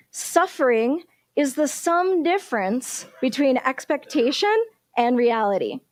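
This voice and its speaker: High-voiced woman minister giving a lively sermon. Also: no echo, clean studio sound. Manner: animated, warm storytelling with questions to the congregation.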